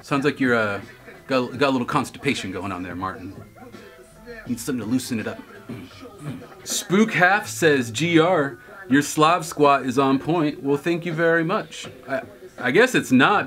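A man's voice: medium pitch, fairly bright tone. A man hosting his own video, reading viewer comments aloud and answering with wisecracks and laughs. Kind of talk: casual chat.

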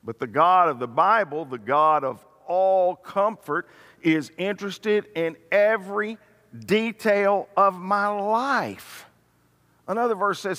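A man's voice: high voice, takes it slowly. Dramatic older man preaching in echoing hall. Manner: dramatic, swings from loud to hushed. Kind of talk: sermon. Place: church sanctuary. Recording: reverberant church hall.

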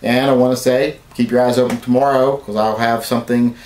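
A man's voice: medium pitch, fairly quick, roomy sound, slight background noise. A man vlogging a mock-serious apology to his channel viewers, rambling and working himself into mock outrage. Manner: rambling, deadpan then mock-outraged rants.

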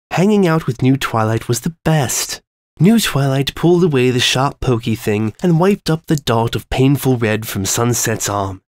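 A man reads a dark story aloud in a measured, ominous way. His pitch sits in the middle of the range, and the close recording has no room sound. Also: no echo. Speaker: story reader. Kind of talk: dramatic reading of a dark fan story.

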